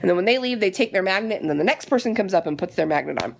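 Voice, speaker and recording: A woman vlogging casually and retelling her day in a chatty, animated way, with a frustrated edge. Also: medium pitch, racing, gravelly, a little hiss or hum. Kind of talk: casual vlog chat.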